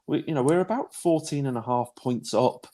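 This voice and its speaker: A man's voice: medium pitch, moderate pace, warm tone. A man co-hosting a podcast, chatting steadily with frequent fillers and restarts. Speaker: podcast co-host. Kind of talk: casual chat about golf betting.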